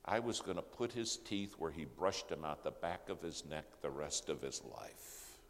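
Very deep-voiced older preacher in a reverberant hall. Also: male voice, expressive, normal speed, slight background noise. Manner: dramatic, swings from loud to hushed. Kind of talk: sermon storytelling. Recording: long reverb of a big hall, faint ambience.

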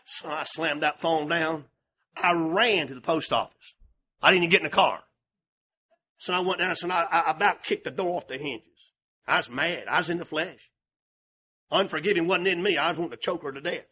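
An older male pastor preaching with passion, swinging between shouted and hushed delivery. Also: fairly high pitch, normal speed, husky. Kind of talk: sermon.

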